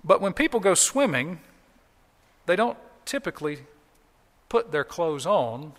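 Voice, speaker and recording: A man's voice: sits high, big pitch swings, unhurried, in a large hall. A man preaching a sermon as pastor, explaining scripture in a conversational way and acting out quoted lines.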